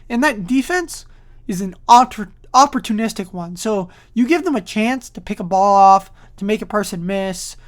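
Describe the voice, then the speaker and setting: A woman hosting a sports podcast on her own, talking in a casual, opinionated way. She rambles and restarts her sentences, leaning on lots of fillers, and sounds sleepy, yawning between points. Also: mid-range voice. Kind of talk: casual solo sports commentary.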